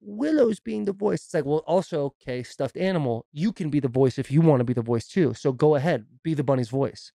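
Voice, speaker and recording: A man co-hosting a podcast, telling animated stories in casual chat and mimicking his kids' voices. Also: mid-range voice, quick pace, hardly any pauses, no room sound. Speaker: podcast co-host.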